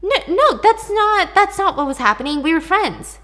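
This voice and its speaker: A woman's voice: high voice, expressive, normal speed, a bit bright, voice pushed up. A woman voicing a nervous young male employee who stammers and gets defensive.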